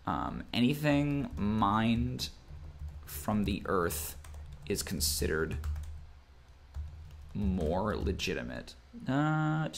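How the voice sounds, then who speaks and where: A young man from Minnesota talks through his game-world ideas in a loose, rambling stream chat, full of "um"s and restarts. His voice sits low with a gravelly edge and moves around a lot in pitch. Typing can be heard behind him now and then. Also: a little hiss or hum. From Minnesota, USA. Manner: thinks aloud with many fillers and restarts. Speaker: game master and show host. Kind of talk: casual livestream chat, reading viewer comments.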